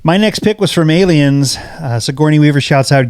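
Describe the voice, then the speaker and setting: A man's voice: fairly high pitch, moderate pace, darkish tone, clean tone, dry recording. A man co-hosting a podcast in casual chat, often hesitating with fillers before rattling on. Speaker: podcast co-host.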